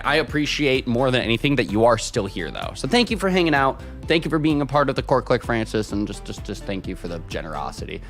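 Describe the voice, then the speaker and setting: A man's voice: medium pitch, fairly bright tone. A man chatting casually with his live stream viewers, rambling, reading chat aloud and laughing often.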